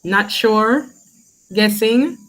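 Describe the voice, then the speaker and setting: Woman teacher, unhurried delivery, encouraging, quiz-style questions, faint crickets chirping. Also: mid-range voice, a bit bright, rough recording. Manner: slow, encouraging, asks questions and praises. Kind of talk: classroom lesson.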